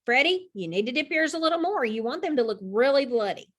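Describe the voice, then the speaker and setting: A woman's voice: high-pitched, lively intonation, fairly quick, fairly bright tone. A woman voicing a confident, playful young boy who explains a silly game, reading a storybook aloud. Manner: easygoing, instructing.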